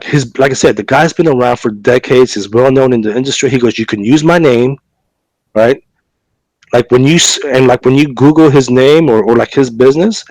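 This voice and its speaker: A man's voice: medium pitch, a little mellow, no room sound, poor audio. A man co-hosting a podcast, telling a long story in casual chat with lots of fillers and restarts, acting out both sides of a conversation. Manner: chatty, many fillers and repeated words. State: recovering from a cough and fever. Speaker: podcast co-host.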